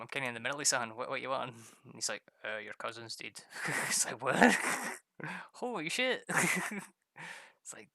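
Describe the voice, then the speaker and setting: Gravelly, bright-voiced man chatting. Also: mid-range voice, no echo, clean studio sound. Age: 30s. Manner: chatty, laughs often, mimics people in quotes. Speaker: streamer. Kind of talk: casual stream chat.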